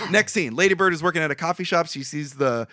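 A man's voice: a little high, lively intonation, quick pace, pushed and bright, no room sound, clean studio sound. A young man casually recapping a film's plot on a podcast, rambling and swearing, laughing often. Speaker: podcast co-host. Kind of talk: casual movie recap chat.

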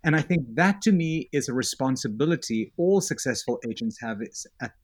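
A man's voice: mid-range voice, animated, a little fast. A man with a South African accent, a real estate agent answering interview questions in an earnest, reflective way.

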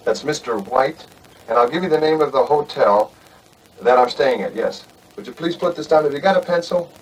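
A man's voice: medium pitch, normal speed, breathy edge, lightly acted. An actor playing a young northern man who fakes a Southern accent on a phone call, stammering and polite, in a 1960s film. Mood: nervous, insistent. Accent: put-on American Southern. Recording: distant 1960s film soundtrack, faint hiss.

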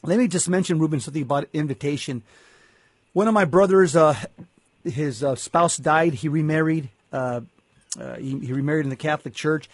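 A man's voice: fairly high pitch, fairly quick, no room sound. A man co-hosting a Catholic talk show, speaking earnestly and often repeating words as he gets going. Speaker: Catholic radio co-host. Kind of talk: casual faith talk show chat.

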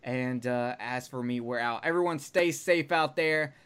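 A man's voice: mid-range voice, measured pace, a bit bright, clean tone. A man hosting a podcast in loose, profane, joking casual chat. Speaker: podcast host.

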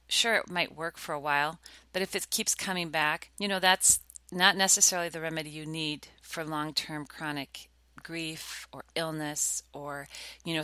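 Chatty woman host, bright dry voice. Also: sits low, no echo. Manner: chatty, warm-toned storytelling with acted quotes. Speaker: podcast host. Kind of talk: casual instructional talk.

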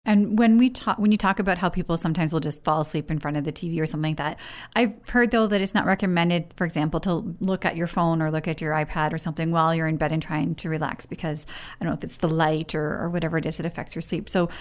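A woman's voice: sits low, steady tone, quick pace, few pauses. A woman co-hosting a podcast, asking questions in a chatty, curious way. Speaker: podcast co-host. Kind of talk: casual interview chat.

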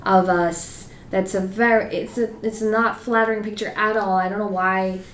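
Woman, podcast co-host, casual chat, mid pitch, echoey room. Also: fairly even intonation, normal speed, fairly bright tone, slight background noise. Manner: chatty, laughs often, many restarts. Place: room shared with co-hosts.

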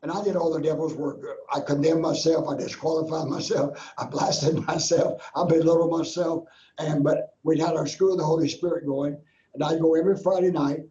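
A man's voice: fairly high pitch, mellow. Older male preacher guest, earnest storyteller, recorded in a roomy space with dull, lo-fi audio. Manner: earnest, repetitive preacher's cadence. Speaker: guest minister. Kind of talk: personal testimony storytelling.

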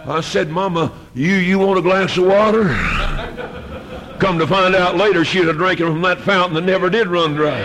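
Man preaching, high voice, fiery sermon, hushed then shouting. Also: fairly even intonation, moderate pace, a crowd in the background. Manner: swings from hushed storytelling to shouted exhortation.

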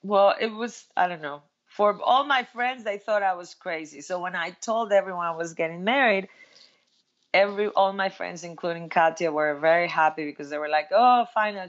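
A woman's voice: fairly low pitch, muffled recording. A woman from Mexico, a guest telling her life story and acting out what her friends said. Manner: animated, acts out quoted friends in livelier tones. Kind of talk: personal storytelling in conversation.

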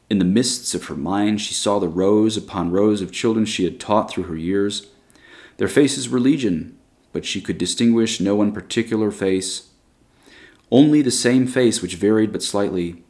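A man reading a short story aloud in a measured, deliberate way. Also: fairly low pitch, darkish tone. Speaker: reader.

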